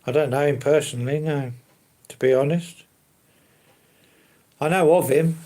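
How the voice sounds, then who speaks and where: A man's voice: a little high, measured pace, warm tone. A man chatting casually on a live stream, answering viewers in an easygoing, rambling way. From London. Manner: easygoing, rambling, fillers and hedges like to be honest.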